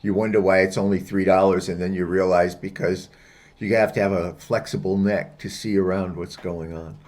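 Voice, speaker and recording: A man with a very deep voice co-hosts a casual political podcast. He talks easily and drops wry, joking asides as he recalls the night. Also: level tone, normal speed, a little mellow. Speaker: podcast co-host.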